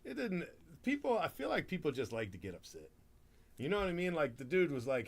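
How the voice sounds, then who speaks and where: A man's voice: a little high, wildly swooping pitch, fairly quick, creaky. A man hosting a live card break stream, chatting casually, laughing often and rattling off player names.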